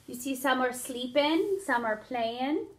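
A woman reads a picture book to children, her voice high and her pace slow and patient. She stops often to count out loud and ask the young listeners what they see. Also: animated. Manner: interactive, asks children to count along. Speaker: storyteller for children.

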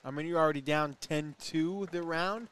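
A man's voice: on the high side, a bit bright, smooth. Hiccuping man calling cornhole. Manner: chatty, joking, quick asides about the play. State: has the hiccups. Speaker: play-by-play commentator. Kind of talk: casual sports commentary.

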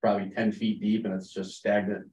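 Brief: low-voiced man, quick and matter-of-fact, dull echoey recording from afar. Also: little pitch movement, darkish tone. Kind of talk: public meeting discussion. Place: town meeting room. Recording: dull, distant, echoey mic.

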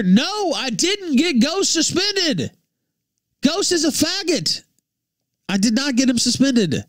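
A man from Memphis, ranting profanely on his livestream, jumping between shouts and low mutters. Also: big pitch swings, takes it slowly, no room sound, studio quality. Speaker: livestream host.

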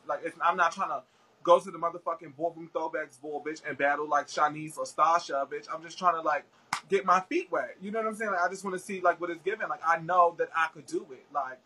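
A woman's voice: low voice, a bit bright, a little hiss or hum, low-quality recording. A young woman guest talking about her experiences in casual, slangy, profane chat, full of fillers.

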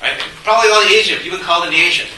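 A middle-aged man, a panelist at a university forum, talking in an animated, joking, conversational way. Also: sits high, rapid-fire, far from the mic. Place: university lecture hall. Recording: echoey hall from afar, faint hiss.

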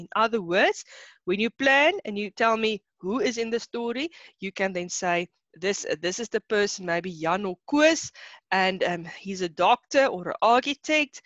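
A young woman with a South African accent teaching an online class, chatty and quick to laugh, mixing in Afrikaans words. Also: medium pitch, fairly bright tone, dry recording, muffled recording.

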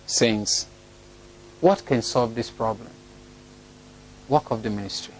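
A man's voice: on the low side, slow pace, a little hiss or hum. A man preaching a sermon, telling a story and breaking into laughter at it now and then. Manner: storytelling, laughs often at his own story.

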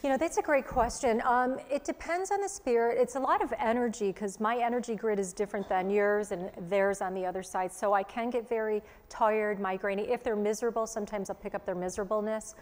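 Woman medium chatting thru readings, middle pitch, long studio reverb ringing. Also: a little mellow. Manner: chatty, quick, relaying messages in asides. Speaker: psychic medium guest. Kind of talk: giving live readings to a studio audience.

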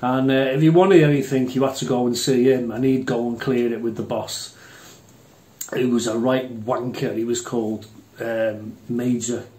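A man's voice: mid-range voice, flat delivery, normal speed, darkish tone. An older Englishman telling rambling, blunt, swear-filled army anecdotes in casual chat. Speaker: airgun channel host. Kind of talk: casual storytelling. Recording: roomy echo.

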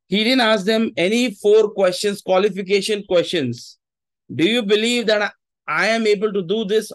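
A man preaching a sermon, emphatic and repeating his phrases, with Hindi asides. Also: high-pitched.

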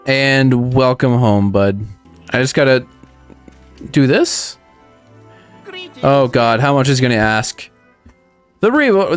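A man commenting excitedly on a cozy video game, talking sweetly to the characters. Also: mid-range voice, slow, long pauses, clean tone, soft background music. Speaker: gaming channel host. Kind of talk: let's play commentary.

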